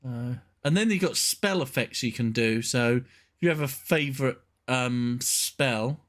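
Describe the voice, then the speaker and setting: A male gaming streamer chatting casually on a live stream. He rambles and cuts himself off as he goes, in a voice of ordinary pitch. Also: unhurried, a bit bright. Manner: rambling, self-interrupting chatter.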